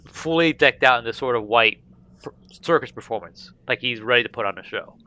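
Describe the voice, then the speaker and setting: A man's voice: medium pitch, expressive, brisk, pushed and bright, highs cut off. A man narrating a tabletop game as game master, in a loose, casual way with many fillers.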